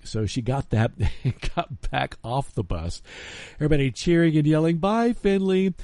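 A male radio host telling a story with lively, swinging pitch. His voice is mellow and dark, and the recording is dry and close, with no room sound. He talks casually and drops in little "uh"s. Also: normal speed, no room sound. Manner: lively, animated delivery with filler "uh"s.

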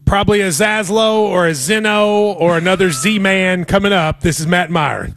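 A man's voice: sits high, normal speed, a bit bright, slight background noise. A man hosting a sports radio show, bantering in a jokey, playful way.

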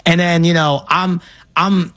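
A man, telling stories as a guest in casual sports talk, animated and full of fillers. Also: fairly high pitch, unhurried, no echo. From Brooklyn, New York. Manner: animated storyteller, many fillers.

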